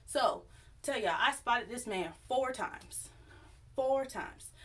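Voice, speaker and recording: A young woman telling a personal story to her viewers in a chatty, animated, sassy way. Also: a little high, takes it slowly. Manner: chatty, animated, sassy retelling with acted quotes. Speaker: YouTube storyteller. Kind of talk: casual storytime vlog.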